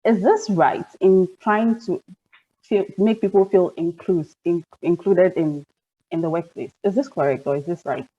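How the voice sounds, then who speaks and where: A woman's voice: on the low side, a little slow, lo-fi sound. A woman, moderating an online panel and framing long questions for the guests. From Ghana.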